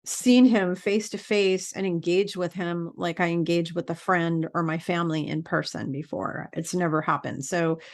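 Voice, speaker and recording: A woman's voice: fairly low pitch, steady tone, normal speed, few pauses. A woman spiritual teacher in a casual vlog monologue, earnest and rambling with many fillers.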